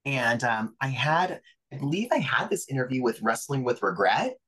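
A young adult man, a pro wrestler guest on a podcast, telling stories in a lively, profane way and acting out other people's voices. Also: medium pitch, normal speed, low-quality recording. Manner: animated, profane, acts out quoted voices. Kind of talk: casual interview storytelling.

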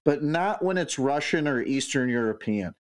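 A man in his thirties chats loosely on a podcast, piling up "like"s and restarts as he rambles through his thoughts. His voice sits at an ordinary middle pitch. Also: normal speed. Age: 30s. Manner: rambling, filler-heavy, animated. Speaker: podcast co-host. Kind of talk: casual chat.

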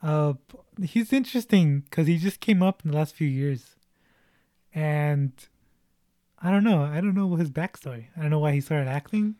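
A man's voice: fairly high pitch, expressive, moderate pace, dark tone, no room sound, clean studio sound. A man chatting casually about a movie, laughing often and retelling scenes.

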